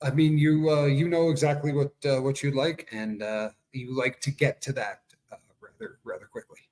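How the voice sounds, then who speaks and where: A man's voice: mid-range voice, fairly even intonation, moderate pace, a little mellow. A man co-hosting a casual livestream chat, teasing and joking, often trailing off with fillers. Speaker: co-host.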